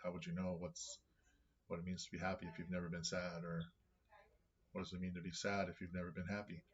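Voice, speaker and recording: A man reading scripture aloud on his vlog and thinking out loud about what it means. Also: deep voice, monotone, fast talker, muffled recording, a little hiss or hum. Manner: thinking aloud, with many restarts.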